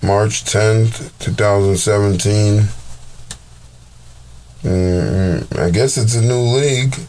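A man's voice: fairly low pitch, slow, a little mellow. A man giving casual, profane commentary on battle rap videos, exasperated and heavy on slang.

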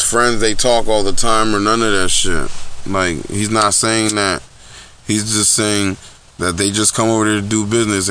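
A young man with a somewhat low voice rants in blunt, profane commentary, circling back over the same points. It is a home podcast recorded on cheap gear, with a faint hum of room ambience behind him. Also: pushed and bright. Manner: blunt, profane, repetitive ranting. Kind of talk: casual commentary. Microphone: low-end home recording setup.

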